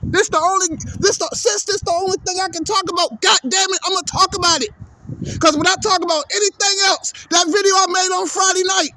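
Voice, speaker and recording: Guy with a really high voice going off, cursing nonstop, angry sports rant. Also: sharp tone, no echo. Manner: profane, heated, repetitive ranting. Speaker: sports vlogger. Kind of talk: angry ranting monologue.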